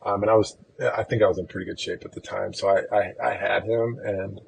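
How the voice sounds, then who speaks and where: A man's voice: lowish voice, fairly even intonation, a little fast, gravelly, a little hiss or hum, poor audio. A man from Chicago, a podcast guest, telling a personal story in an easygoing, rambling way.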